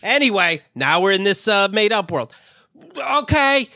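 A man's voice: sits high, big pitch swings, a little slow, bright, forceful tone, dry recording, clean studio sound. A man co-hosting a podcast in casual chat, blunt, sarcastic and swearing freely. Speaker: podcast co-host.

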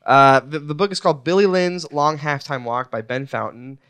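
A man hosting a podcast in casual comedic chat, joking and teasing with quick asides. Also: fairly high pitch, a bit bright, clear, resonant tone, no echo. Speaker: podcast host.

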